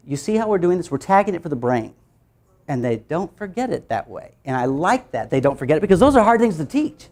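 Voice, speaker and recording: With a low voice and a slightly fast pace, a woman leads a phonics workshop for teachers. Her delivery is animated and playful, full of acted-out letter sounds and laughter.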